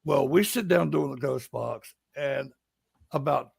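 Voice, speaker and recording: A man telling paranormal investigation stories, animated and laughing, in casual chat. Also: medium pitch, measured pace, creaky, slightly rough, no echo. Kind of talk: casual storytelling on a live stream.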